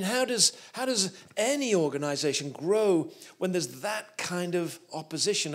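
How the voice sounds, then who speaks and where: A man's voice: high-pitched, fairly bright tone. A man, a guest preacher telling a humorous story in a sermon.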